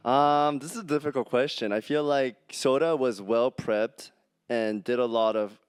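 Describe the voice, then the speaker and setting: A man's voice: medium pitch, fairly even intonation, normal speed, clear, resonant tone, no room sound, clean studio sound. A man, a streamer on a convention panel, chatting in an upbeat way and laughing often. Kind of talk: casual live panel chat. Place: convention stage.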